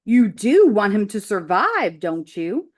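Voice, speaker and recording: A woman's voice: medium pitch, big pitch swings, slow. Teacher doing a cranky old mother goose, bossy and suspicious, rattles off advice, storybook read-aloud. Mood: scolding.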